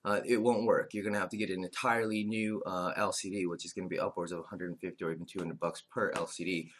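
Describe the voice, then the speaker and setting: A man's voice: low-pitched, steady tone, fast talker. A man explaining phone screen repair as an instructor, talking casually with lots of "uh" fillers and restarts. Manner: filler-heavy, frequent "uh" restarts. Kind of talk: casual tutorial talk.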